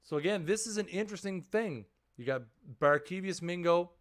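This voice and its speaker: A man's voice: high voice, animated, a little fast. A man streaming a video game, chatting casually and explaining his choices, often restarting and repeating phrases. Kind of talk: casual live-stream commentary.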